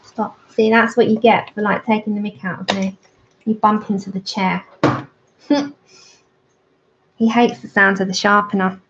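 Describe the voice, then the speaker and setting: A woman's voice: mid-range voice, fairly even intonation, a little slow, long pauses, background noise. A woman giving a chatty, friendly drawing tutorial on a livestream. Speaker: art tutor. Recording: dull lo-fi livestream audio.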